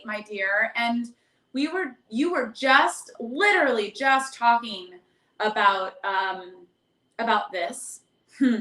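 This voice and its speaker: A woman's voice: a little high, takes it slowly, pushed and bright, echoey room, low-quality recording. A woman hosting a live-streamed tarot reading, musing aloud with hesitant restarts. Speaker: tarot reader.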